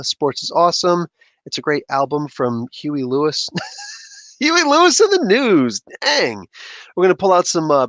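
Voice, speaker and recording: A man hosting a casual livestream, reading chat aloud and chatting in an animated way with frequent laughter. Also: mid-range voice, gravelly, no echo. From Canada. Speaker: livestream host.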